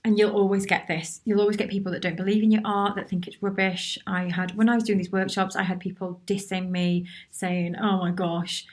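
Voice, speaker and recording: Woman host, live Q&A, chatty and encouraging, reads viewers' comments, mid pitch. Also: flat delivery, fairly quick, hardly any pauses. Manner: chatty and encouraging, with many restarts and asides. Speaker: workshop host answering viewer questions. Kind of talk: casual live Q&A.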